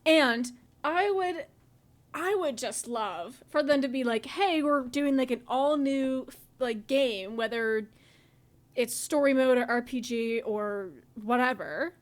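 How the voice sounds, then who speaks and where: A woman's voice: high-pitched, slow pace. A woman co-hosting a podcast in casual chat, sarcastic and full of "like" fillers. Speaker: podcast co-host.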